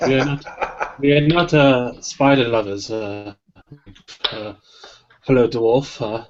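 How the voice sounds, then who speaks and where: A man's voice: mid-range voice, steady tone, slow pace, a little hiss or hum. Male player, hesitant, filler-heavy, stiff formal speech in character; muffled home mic. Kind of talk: playing a tabletop game. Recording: dull lo-fi home recording.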